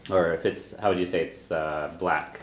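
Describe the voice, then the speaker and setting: A man's voice: deep voice, steady tone, normal speed. A man teaching a classroom language lesson, patiently repeating phrases and quizzing his students. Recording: echoey room, faint background noise.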